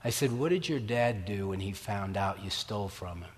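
A man preaching a sermon as pastor, lively and acting out the voices of doubters. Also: fairly low pitch, moderate pace. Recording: reverberant hall.

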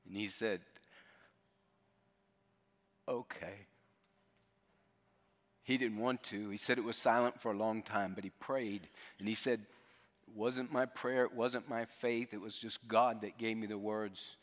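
Low-voiced male preacher in a reverberant hall. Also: steady tone, measured pace, pauses often. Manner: earnest, drops to a hushed tone for quotes. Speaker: pastor. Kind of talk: sermon with storytelling. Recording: long reverb of a large hall.

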